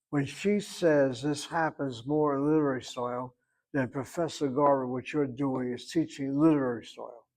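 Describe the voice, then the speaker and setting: Man, Hebrew teacher, classroom grammar lesson, emphatic, step-by-step explaining, average pitch. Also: a little mellow, low-quality recording.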